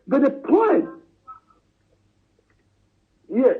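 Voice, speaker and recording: A man's voice: very high-pitched, wildly swooping pitch, very slow. A man from southeastern Nigeria, calling in to a live stream and insistently pressing his point, often saying "you know" and "understand?" and calling the host "my brother.". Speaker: caller. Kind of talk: phoned-in opinion to a live stream. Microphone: phone. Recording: tinny phone line.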